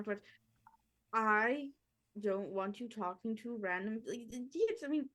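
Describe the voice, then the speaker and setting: A young woman playing a tabletop game, narrating her character in a halting, rambling way. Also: fairly high pitch, animated, fairly bright tone. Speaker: player.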